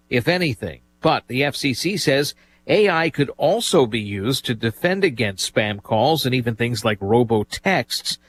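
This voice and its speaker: A man delivering a scripted network radio news report as a correspondent. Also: mid-range voice.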